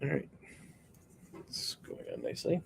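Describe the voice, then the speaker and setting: A man's voice: normal speed, background noise. A man hosting a stream, chatting casually and joking with viewers while he builds a puppet. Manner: rambling, joking, answering chat. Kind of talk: casual chat while crafting.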